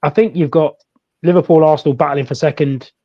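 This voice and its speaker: A man, co-hosting a casual football podcast and chatting in an animated way. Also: on the high side, fairly quick, muffled recording. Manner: chatty, animated, laughs easily. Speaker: podcast co-host.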